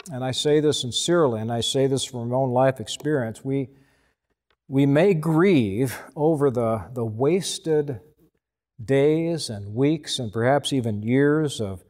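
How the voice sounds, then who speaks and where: Slow, earnest male preacher. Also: mid-range voice. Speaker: pastor. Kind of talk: sermon.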